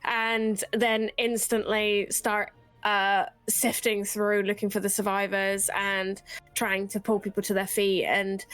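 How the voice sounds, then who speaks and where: A woman playing a tabletop game, describing her character's actions in an unhurried, hesitant way with fillers. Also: mid-range voice, a bit bright. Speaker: player.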